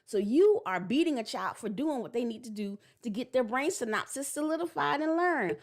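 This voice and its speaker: A woman in her forties giving a blunt, animated parenting talk that slips into acted-out voices. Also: fairly high pitch, moderate pace, few pauses. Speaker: parenting vlogger. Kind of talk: casual preachy monologue.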